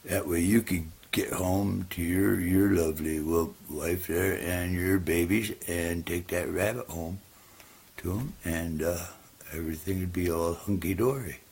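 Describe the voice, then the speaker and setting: A man voicing a sly, smooth-talking male weasel who swindles in a folk story, with a wheedling, salesy manner. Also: deep voice, fairly even intonation, measured pace, a little mellow, exaggerated voice.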